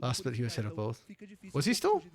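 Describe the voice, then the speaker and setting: A man's voice: mid-range voice, huge pitch swings, brisk. A man co-streaming an esports match, talking in a chatty, laid-back way and answering chat. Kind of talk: casual live-stream commentary.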